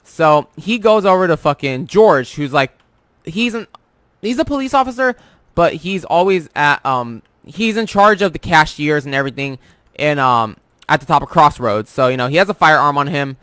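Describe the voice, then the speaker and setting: A man's voice: a little high, animated, normal speed, a bit bright, smooth, no room sound. A young man rambling through a profane, filler-heavy story about his work, speaking casually as a vlogger.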